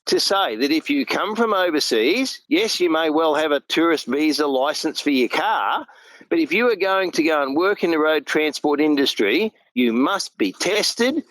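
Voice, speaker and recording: A man's voice: fairly high pitch, lively intonation, normal speed, a bit bright, no room sound, poor audio. Earnest Australian man, dry close sound. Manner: emphatic, earnest, colloquial. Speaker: truck driver guest. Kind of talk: casual chat.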